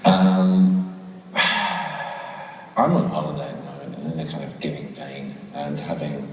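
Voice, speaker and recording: A man's voice: rumbling low, far from the mic, noisy background. A man, an actor, giving a playful video message, joking and correcting himself as he goes. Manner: jokey, self-correcting, laughs often. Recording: video played in a loud echoey hall, filmed from afar on a phone.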